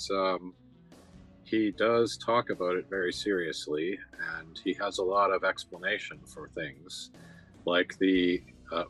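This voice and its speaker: A man talking thoughtfully about a film in a measured way, with hesitant fillers and faint music underneath. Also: sits low, fairly bright tone, slightly rough, rough recording. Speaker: podcast co-host. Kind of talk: casual film discussion.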